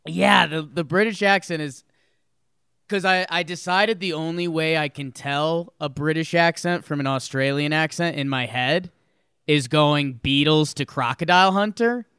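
A man's voice: on the high side, steady tone, normal speed, sharp tone, smooth, no room sound. A man co-hosting a casual sports podcast, chatty and often restarting his sentences. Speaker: podcast co-host.

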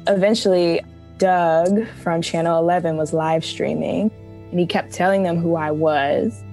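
A woman's voice: lowish voice, fairly even intonation, unhurried, mellow, soft background music, low-quality recording. A woman photojournalist telling her own story candidly, emotional and close to tears, laughing through hard moments. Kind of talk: personal storytelling interview.

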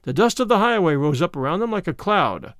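Man narrating an old tale, lively pitch, fairly high voice. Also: fairly quick, clear, resonant tone, dry recording, clean studio sound. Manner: expressive storytelling. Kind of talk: scripted narration of a classic tale.

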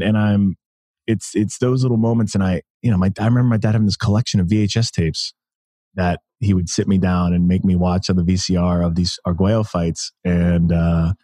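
A man's voice: lowish voice, warm tone, dry recording, studio quality. A man in his thirties from the United States, telling stories as a guest in a casual interview, enthusiastic and full of restarts. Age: 30s. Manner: storytelling, enthusiastic, many restarts. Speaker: podcast guest.

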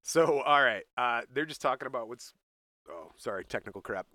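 A podcast co-host tells a story in casual chat, animated and laughing often as he acts out the quotes. His pitch is medium and his speed normal, recorded in clean studio sound with no echo.

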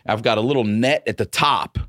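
A man's voice: mid-range voice, a little fast, a bit bright, no room sound, clean studio sound. A middle-aged male comedian telling a story in casual, profane chat. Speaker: comedian guest.

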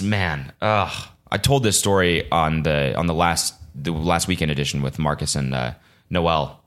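Deep-voiced young man ranting casually. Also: normal speed, a bit bright. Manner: profane, rambling, exasperated, jumping into mocking voices. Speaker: podcast host. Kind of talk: casual solo podcast rant.

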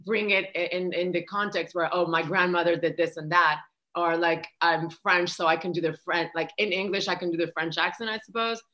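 A woman comedian guesting on a podcast, speaking hesitantly with many pauses and fillers. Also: lowish voice, steady tone, sharp tone. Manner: hesitant, with many uh's and restarts. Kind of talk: casual panel chat.

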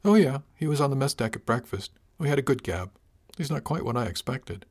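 A man's voice: medium pitch, animated, brisk, a little mellow, breathy edge, voice pushed up. A man voicing a frank, teasing female ship's officer in an audiobook reading.

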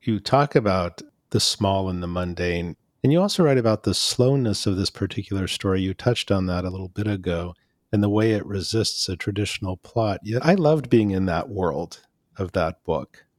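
A man interviewing a guest, asking calm, appreciative, unhurried questions. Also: low-pitched, no room sound, studio quality.

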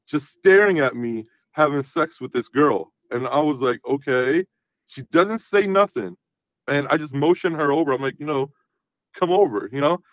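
A man's voice: medium pitch, no room sound. A man telling a long personal story in casual, rambling talk, full of swearing and "I'm like" asides. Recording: dull lo-fi sound.

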